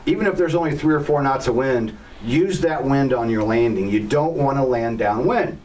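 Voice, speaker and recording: A man's voice: medium pitch, moderate pace, a little mellow. A man who teaches helicopter flying, telling stories in a plainspoken, blunt way with firm opinions. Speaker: helicopter flight instructor. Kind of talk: casual storytelling to an online group. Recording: slightly distant mic with faint background noise.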